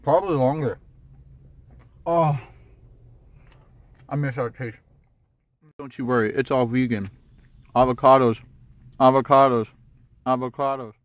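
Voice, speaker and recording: A man's voice: medium pitch, fairly even intonation, measured pace, long pauses. A man talking casually to a handheld camera in a vlog, playful and joking. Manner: playful, joking, hums and sings silly sounds. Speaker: vlogger.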